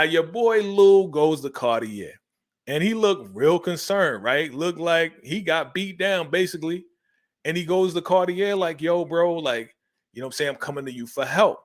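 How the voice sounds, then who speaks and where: A man giving a casual, animated TV episode recap, laughing often and acting out the characters' lines. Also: fairly high pitch. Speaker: recap host.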